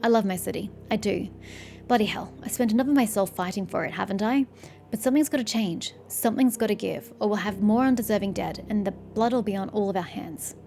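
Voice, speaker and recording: A woman's voice: medium pitch, fairly quick, gravelly, mellow, slight background noise, natural voice. A woman reading the lines of a remorseful male soldier in prison, blunt and swearing freely, with faint game music behind.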